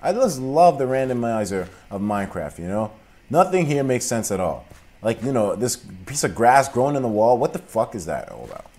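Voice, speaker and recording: A young man giving casual, profane let's play commentary, drifting between mumbled asides and loud outbursts. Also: mid-range voice, very animated, brisk, a little hiss or hum. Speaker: gaming commentator.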